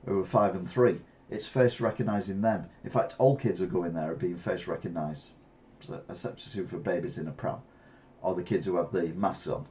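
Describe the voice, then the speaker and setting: A man's voice: low-pitched, normal speed, darkish tone. An older man, chatting through news stories in a rambling way with wry asides. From England. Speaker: channel host. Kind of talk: casual news commentary.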